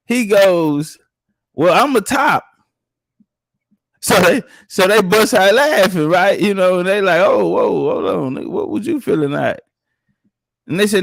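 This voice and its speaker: A man's voice: high voice, vocal fry, dry recording. A man telling profane stories in casual chat and acting out the people he quotes. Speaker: podcast guest. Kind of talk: casual storytelling.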